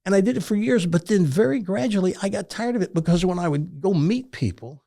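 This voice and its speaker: A man in his seventies from Tennessee, a retired radio talk host, telling stories in an interview with animated delivery. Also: sits high, brisk, gravelly. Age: 70s. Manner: animated storyteller, jumps into other voices. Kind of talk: storytelling interview.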